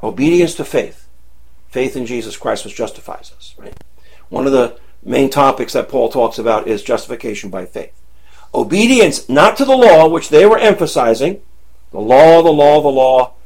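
A man's voice: mid-range voice, sing-song, moderate pace, breathy edge. A man teaching the Bible verse by verse, asking his listeners questions and checking in with "right?" and "okay?" after nearly every point.

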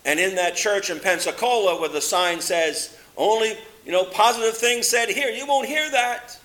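A man preaching a sermon, swinging between loud, high exclamations and low, quiet statements. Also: moderate pace.

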